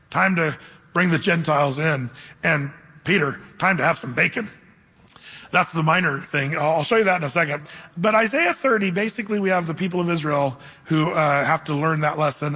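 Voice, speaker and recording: Male pastor, high husky voice, emphatic sermon, long hall reverb. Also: pushed and bright. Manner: preaching with emphatic scripture reading and asides.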